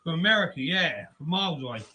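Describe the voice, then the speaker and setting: A man's voice: a little high, lively intonation, fast, bright, forceful tone, a little hiss or hum, rough recording. A man from England with an English accent, recording a home video message, emotional and crying as he talks. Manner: emotional, tearful, swears.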